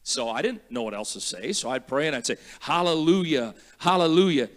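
A man preaching as a guest pastor, emphatic and repetitive, slowing down to spell out words and building to loud praise. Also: medium pitch, sing-song. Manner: repeats words slowly for teaching. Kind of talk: sermon.

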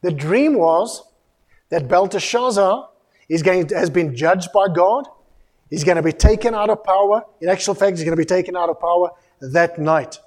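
High-voiced preacher telling Bible stories. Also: male voice, moderate pace, big-room sound. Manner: animated storytelling preacher who acts out biblical dialogue; rises to a raised, emphatic voice when rebuking. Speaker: pastor. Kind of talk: sermon.

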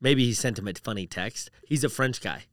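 Speaking briskly in a mid-range, fairly bright voice, a man co-hosts a podcast in studio-quality sound without echo. The chat is loose and meandering, loaded with "like" and "dude."

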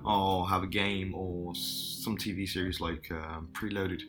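A man's voice: low voice, flat delivery, unhurried, music in the background. A man co-hosting a podcast, chatting casually in a laid-back, joking way. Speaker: podcast co-host. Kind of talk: casual chat.

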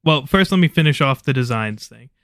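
A man's voice: medium pitch, lively intonation, fairly quick, a bit bright, no echo, studio quality. A man co-hosting a podcast in casual chat, opinionated and laid-back, swearing now and then. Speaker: podcast co-host.

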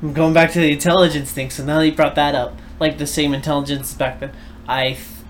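A man's voice: a little high, little pitch movement, a little fast, a little hiss or hum. A man in casual podcast chat, earnestly recounting a personal search and questioning things.

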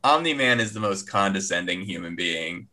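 Relaxed male co-host, deep yet bright voice, easygoing jokey replies. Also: normal speed. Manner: laid-back, agreeable banter. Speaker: podcast co-host. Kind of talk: casual chat.

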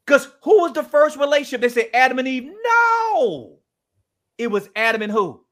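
A man speaking as a guest, telling a story in a lively, preacher-like way and acting out the quoted dialogue. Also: very high voice, normal speed. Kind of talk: animated storytelling talk.

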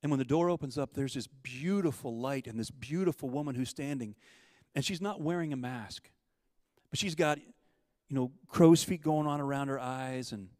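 A man preaching, telling a parable and acting out the quotes, with swings between loud urgency and hushed softness. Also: medium pitch, moderate pace, no echo, big-room sound. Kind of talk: sermon storytelling.

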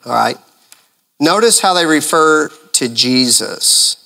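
Brief: male pastor, sermon, bright forward tone, animated, rhetorical questions. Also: a little high, slow, gravelly.

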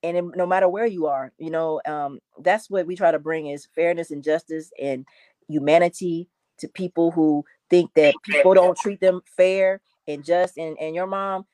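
A woman's voice: fairly low pitch, darkish tone, dry recording. A woman prosecutor speaking in earnest, emphatic public remarks, with some restarts.

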